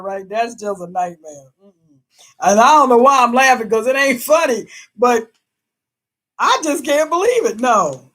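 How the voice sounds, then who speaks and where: A woman's voice: on the high side, a bit bright. Chatty, laughing woman live-streamer. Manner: chatty, emphatic, laughs often. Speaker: livestream host reading viewer comments. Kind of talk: casual live-stream chat.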